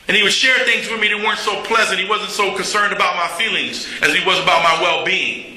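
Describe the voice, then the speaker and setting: A man's voice: high-pitched, steady tone, fast talker, hardly any pauses, pushed and bright. A middle-aged man telling his recovery story to a meeting in a plainspoken, candid way, with some humor. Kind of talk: personal recovery talk. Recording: echoey hall.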